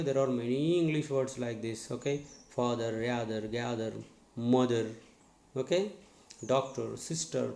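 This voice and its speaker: A man teaching an English lesson, explaining step by step and often pausing on "okay". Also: fairly high pitch, a little mellow. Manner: methodical, repeats "okay" between points. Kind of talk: recorded lesson on word stress. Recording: echoey room.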